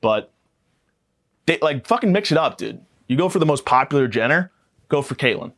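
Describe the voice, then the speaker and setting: A young man hosts a podcast, ranting for laughs with profanity and mock aggression. He rambles from one jab to the next at a middling pitch. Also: lively intonation, moderate pace, a bit bright. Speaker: podcast host. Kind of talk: comedic rant monologue.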